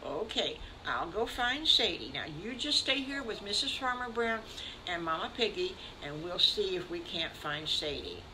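A woman's voice: mid-range voice, lively intonation, normal speed, noisy background, natural voice. An older woman voicing a cheerful, friendly male farmer in a storybook tale, hearty and upbeat.

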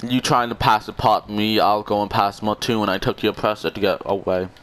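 A man's voice: on the low side, flat delivery, fairly quick, a bit bright, clear, resonant tone. A young man trash-talking other players in online game voice chat, sarcastic, mocking and swearing. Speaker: gamer.

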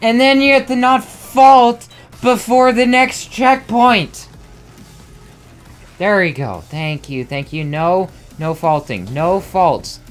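A young man giving frustrated, self-mocking let's play commentary as a gamer, with excitable outbursts. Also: high-pitched, slow. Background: faint game music.

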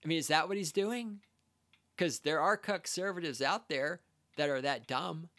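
A man's voice: a little high, moderate pace, bright, forceful tone. A man hosting a podcast, delivering a scornful, sarcastic rant as he reacts to a text he reads aloud. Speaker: podcast host. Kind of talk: ranting commentary reacting to a read-out text.

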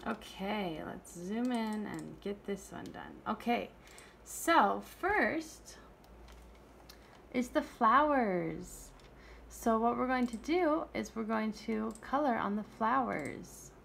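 A woman leads a small child through shapes and counting in an online preschool lesson. She speaks very slowly, with a fairly high voice that rises and falls a lot. Faint room noise sits under her voice. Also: animated, gravelly, fairly bright tone. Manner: slow, sing-song teacher talk with counting and praise. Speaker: teacher.

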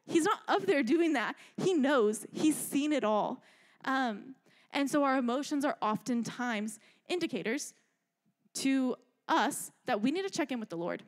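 Young woman preaching to teens, kinda high voice, animated and chatty, keeps asking right?. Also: moderate pace. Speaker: youth speaker. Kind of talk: youth sermon.

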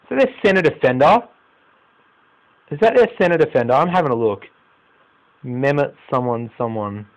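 A young man with an Australian accent giving live commentary on a football management game, swinging from low muttering to loud exclamations and swearing. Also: lively intonation, normal speed, pauses often, lo-fi sound. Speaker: gaming YouTuber.

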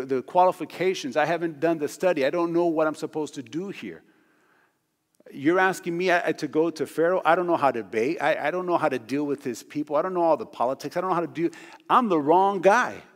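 Guy doing moses all flustered, stammering, kinda high voice, lots of hall echo. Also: close to an everyday voice. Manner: stammering, protesting. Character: anxious Moses, a man pleading he is unfit. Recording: long church hall reverb.

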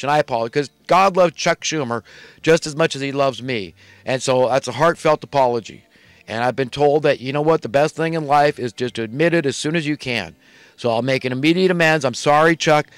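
A man's voice: fairly high pitch, no room sound. A man delivering a heated, blunt monologue as a political commentator. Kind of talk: ranting monologue.

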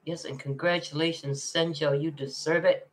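A woman's voice: low-pitched, fairly even intonation, normal speed. A retired older woman chatting casually on a livestream, reading viewer comments, laughing often and calling people darling. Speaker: livestream host.

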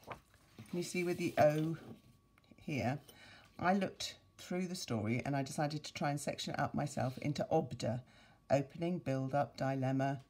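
A woman teacher reading a story aloud to her pupils, expressive and playful with sound effects and asides. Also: low voice, husky. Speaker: primary school teacher.

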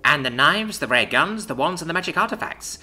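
A man voicing an excitable, winged young female student who loves explosions. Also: on the high side, brisk, pitched above the performer's own voice, heavily acted. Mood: excited. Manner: excited, eager.

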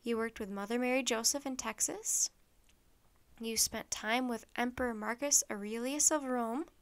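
A woman's voice: a little high, moderate pace, close to an everyday voice. A woman reading aloud, voicing a gracious, kindly enchantress in a children's storybook.

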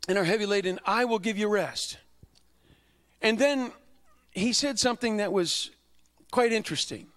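Casting note: high-pitched pastor, sermon delivery that swings from quiet to fervent. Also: male voice. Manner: preaching, rising to high impassioned climaxes.

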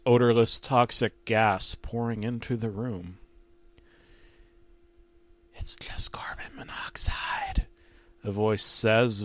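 Low-voiced man narrating a horror story. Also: fairly bright tone, no room sound.

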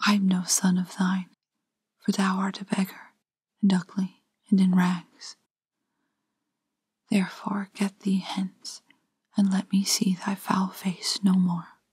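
A proud, scornful boy spits cold, haughty words in a whispered role-play, as a woman reads him from a storybook. The voice is all breath, slow and level, with a dry close sound. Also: mid-range voice, monotone, darkish tone, husky, no room sound.

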